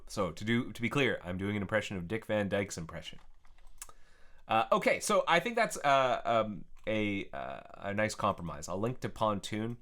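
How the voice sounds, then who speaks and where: Lower-voiced man thinking aloud while coding. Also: normal speed. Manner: relaxed, chatty, thinks aloud with fillers. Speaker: software developer streaming his work. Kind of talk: casual live-coding narration.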